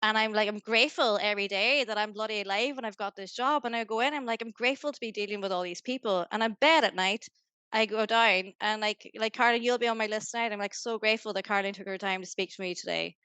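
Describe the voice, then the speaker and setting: Northern Irish woman, podcast guest, upbeat motivational chatter, smooth voice, dry close sound. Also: mid-range voice, bright, forceful tone, dry recording. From Northern Ireland. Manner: upbeat, motivational, fast rambling with many "like"s. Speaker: guest, business founder. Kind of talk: casual podcast interview.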